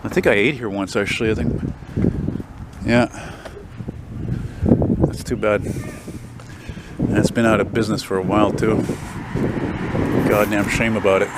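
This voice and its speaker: A man's voice: lowish voice, steady tone, unhurried, long pauses. A man from Quebec with a French Canadian accent, talking casually and bluntly as he walks and films, swearing freely and grumbling about politicians. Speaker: vlogger. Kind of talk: casual walking vlog commentary. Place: outdoors on a city street. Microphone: handheld camera mic while walking. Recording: street noise from passing cars. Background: passing traffic and street noise.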